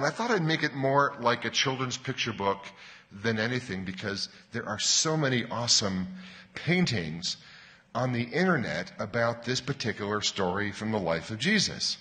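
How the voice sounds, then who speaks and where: A man preaching a sermon. He tells wry jokes, then reads scripture slowly like a bedtime story. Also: on the low side, pushed and bright. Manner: wry joking, then slow storybook reading. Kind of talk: sermon with humorous readings. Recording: reverberant hall.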